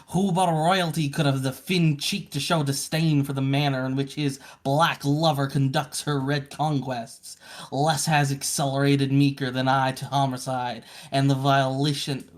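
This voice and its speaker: A man's voice: medium pitch, voice pushed down, lightly acted. A man on a livestream voicing a haughty female pirate troll reading from her journal in a grandiose, theatrical pirate lilt. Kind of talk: reading a comic aloud on stream.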